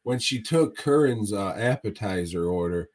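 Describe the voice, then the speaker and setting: A man's voice: lowish voice, animated, moderate pace, darkish tone. A man hosting a podcast, casually telling a profane, funny story and laughing along. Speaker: podcast host.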